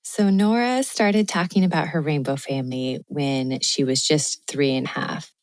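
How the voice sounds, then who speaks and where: Low-voiced woman hosting a podcast. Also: no echo. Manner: clear and measured, spells things out. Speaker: podcast host. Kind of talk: scripted narration.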